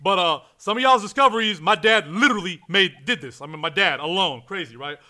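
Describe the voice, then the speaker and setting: A man hosting a casual podcast, swearing freely and telling stories with excitement. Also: high voice, a little fast. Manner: profane, excitable storyteller. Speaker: podcast host.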